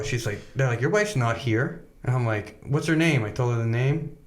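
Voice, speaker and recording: A man's voice: mid-range voice, moderate pace. Man telling a rowdy story in an echoey room. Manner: swears a lot, animated anecdotes, laughs while telling. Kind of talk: casual storytelling chat.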